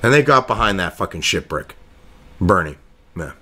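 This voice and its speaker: Foul-mouthed sarcastic male commentator, lively pitch. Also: normal speed. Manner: sarcastic, crude ranting with scoffing asides; reads news excerpts aloud between rants. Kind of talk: profane political commentary.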